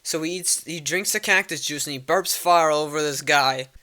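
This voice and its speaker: Recapping a film's plot in a laid-back way, this young man, a vlogger, has a sharp tone and a voice on the high side at normal speed. His delivery is meandering, stuffed with fillers, and profane.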